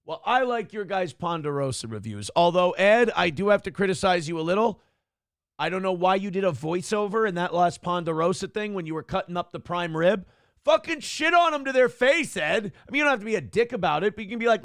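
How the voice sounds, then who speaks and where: A man's voice: high-pitched, very animated, moderate pace, fairly bright tone, no room sound. A man hosting a morning livestream show, chatting in a crude, sarcastic, rambling way from a small studio. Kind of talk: casual livestream chat.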